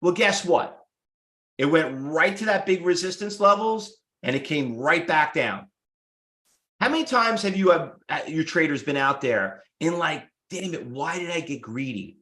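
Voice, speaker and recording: A brash man runs a trading workshop, blunt and salesy, peppering the class with rhetorical questions. His voice sits a little high, and the room around him rings with echo. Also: lively intonation, measured pace, bright, forceful tone. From United States. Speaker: trading instructor. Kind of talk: live workshop teaching. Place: room with live students.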